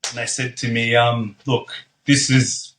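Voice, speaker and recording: A man's voice: medium pitch, flat delivery, a little slow, fairly bright tone, a little hiss or hum, poor audio. A young man telling his story as a podcast guest in a casual, blunt way, swearing freely and dropping plenty of ums and likes.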